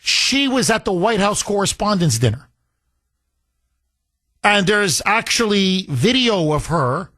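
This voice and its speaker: A male talk radio host with a fairly high voice talks indignantly, his pitch climbing as he gets worked up. He sounds animated and pointed, with a clean studio sound. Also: slow, pauses often. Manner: animated, indignant, repeats phone number.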